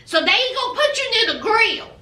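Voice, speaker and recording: A woman with a very high, piercing voice dishes on a reality show in a sassy, chatty recap. She slips into different voices to act out what people said. She sounds set back from the mic in an echoey room. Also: lively intonation, brisk, pushed and bright, distant mic. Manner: sassy, chatty, acts out quotes in changing voices. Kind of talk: casual gossip recap.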